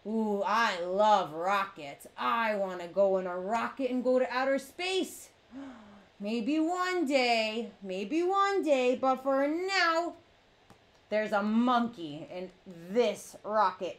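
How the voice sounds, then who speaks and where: A young adult woman hosting a children's learning show, talking slowly to toddlers with big gasps and playful animal sounds. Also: medium pitch, animated. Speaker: children's educator host. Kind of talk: slow, animated talk to toddlers.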